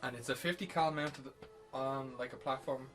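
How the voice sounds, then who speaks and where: A man's voice: mid-range voice, moderate pace, fairly bright tone, faint music behind. Sweary man rambling through a film recap. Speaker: podcast host. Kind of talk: casual film review chat.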